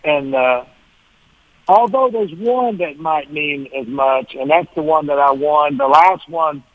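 Guy on the phone telling music stories, restarts a lot, dry sound, kinda high voice. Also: measured pace, dry recording. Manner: rambling, self-correcting, chuckling. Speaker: guest musician. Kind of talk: casual storytelling interview. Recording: tinny phone line.

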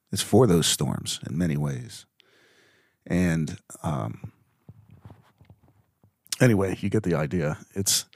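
Low-voiced man hosting a faith podcast. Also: vocal fry, darkish tone, dry recording, clean studio sound. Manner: earnest, halting, with many fillers. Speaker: podcast host. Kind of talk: reflective faith podcast talk.

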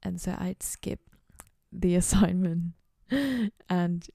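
A young woman talks in a loose, rambling solo chat, often laughing at herself. Her voice is mellow and carries a gravelly fry, and she sounds close and dry with almost no room around her. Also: on the low side, completely flat delivery, slow, dry recording. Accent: playful put-on accent. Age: young adult. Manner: chatty, rambling, self-mocking. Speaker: university student podcaster.

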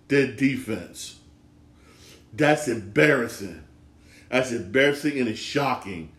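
A man's voice: mid-range voice, expressive, takes it slowly, long pauses, a bit bright. Emphatic man in an echoey room. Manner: emphatic and repetitive, circling back to his points. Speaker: sports podcast host. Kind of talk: casual solo sports talk.

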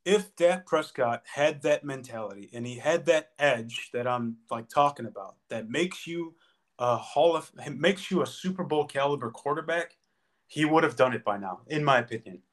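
A man's voice: mid-range voice, moderate pace, a bit bright. Podcast co-host, male, fired-up debater, mid-range voice, casual talk. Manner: passionate, emphatic arguer.

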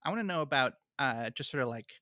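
A man's voice: mid-range voice, animated, quick pace, pushed and bright, dry recording, studio quality. A man playing a tabletop role-playing game, asking careful, analytical questions about the game world. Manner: thoughtful, analytical, asks questions. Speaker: player.

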